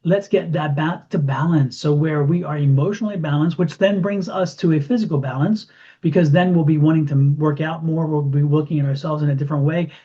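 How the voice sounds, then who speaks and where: A man giving an intuitive tarot reading to camera, animated and repeating phrases for emphasis. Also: a little high, brisk, slightly rough. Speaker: tarot reader. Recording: dull lo-fi sound.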